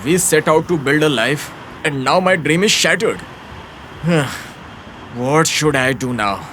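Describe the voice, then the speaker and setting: A man's voice: on the high side, lively intonation, slow, a bit bright, a little hiss or hum. A man voicing a fed-up office worker in a dubbed film, grumbling and easily confused. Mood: bewildered. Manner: grumbling, bewildered. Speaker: office employee turned hired agent.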